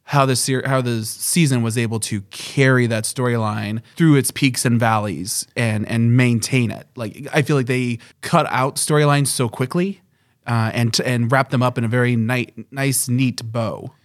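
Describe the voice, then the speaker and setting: A podcast co-host with a medium-pitched, steady voice talks at normal speed in a casual chat. He works through things thoughtfully and analytically, in a dry, studio-quality recording.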